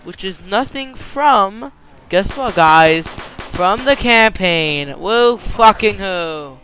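Excitable, foul-mouthed gamer guy. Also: high-pitched, drawn-out words, slight background noise. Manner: profane, excitable, mixes in Spanish slang. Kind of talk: gameplay commentary. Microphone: cheap headset mic.

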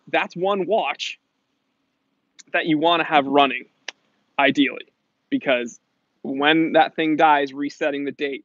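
A man's voice: on the high side, fairly bright tone. A man who runs a watch shop, hosting a live stream and chatting through viewer comments in a rambling, casual way. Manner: rambling, restarts and fillers, answers chat questions. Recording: dry, dull lo-fi stream audio.

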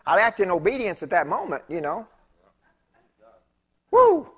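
Animated storytelling preacher, lively pitch. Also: male voice, quick pace, husky. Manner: animated, chatty, laughing asides to congregation. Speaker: pastor. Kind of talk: storytelling sermon. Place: church sanctuary.

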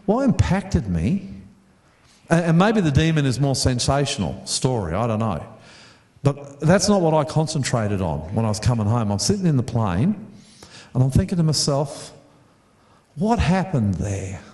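Australian pastor telling a story. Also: male voice, medium pitch, big pitch swings, normal speed, darkish tone, reverberant. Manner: chatty, repeats words, asks the audience questions. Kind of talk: storytelling sermon.

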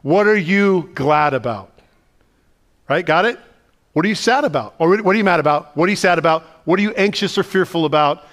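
A man, the pastor, preaching a sermon in a conversational, animated way and asking the listeners lots of questions. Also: sits high, quick pace. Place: church sanctuary.

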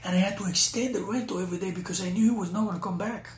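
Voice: mid-range voice, rapid-fire. A preacher telling a personal testimony to viewers, often calling them "you guys.". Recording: roomy echo.

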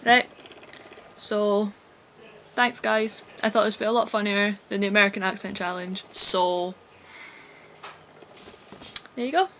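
A young woman from Scotland with a Glaswegian accent, chatting casually in a vlog at home and reading a list of words aloud clearly. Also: mid-range voice, little pitch movement, slight background noise. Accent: Glaswegian Scottish. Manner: chatty, slow, reads words out loud and clear. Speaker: vlogger. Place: flat, indoors.

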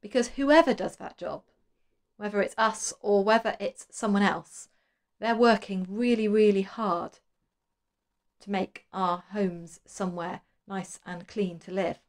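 A woman leading a school worship, asking children gentle questions. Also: medium pitch, unhurried. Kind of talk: children's collective worship talk.

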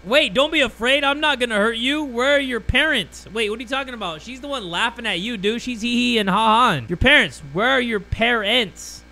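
A man giving loud, jumpy commentary on a horror game, swearing and joking through his fear. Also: extremely high pitch, fairly quick, few pauses. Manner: jumpy, swears a lot, yells at monsters then jokes. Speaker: gaming YouTuber.

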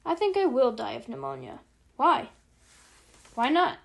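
A man's voice: extremely high pitch, wildly swooping pitch, unhurried, vocal fry, fairly bright tone, full character voice. A woman voicing a drunken, boisterous male army pilot in an audiobook reading. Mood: lazy.

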